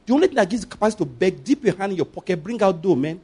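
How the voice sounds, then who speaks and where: A man preaching a sermon as pastor, emphatic, often asking the congregation if they follow and swinging between loud and hushed delivery. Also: sits high, very animated, rapid-fire, breathy edge.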